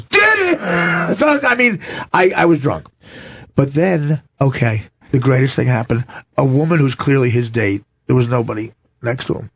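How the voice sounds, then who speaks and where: Gravelly, husky man telling laughing stories. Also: mid-range voice, dry recording. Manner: laughing at his own stories, animated. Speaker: comedian guest. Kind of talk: casual chat, storytelling. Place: radio studio.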